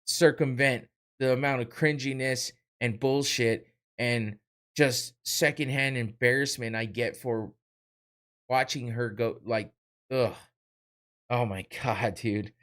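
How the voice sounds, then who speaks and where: A man's voice: medium pitch, a bit bright. A man hosting a podcast, ranting heatedly with blunt swearing and short laughs. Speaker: podcast host. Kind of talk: heated profane rant.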